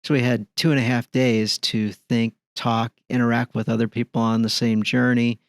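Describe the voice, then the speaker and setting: A middle-aged man talks in a relaxed, conversational way as a podcast guest, with lively energy as he tells a story. His voice sits at an everyday pitch for a man. The recording is dry and close, with almost no room sound. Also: normal speed, clear, resonant tone, no room sound. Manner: animated, acts out dialogue in his stories.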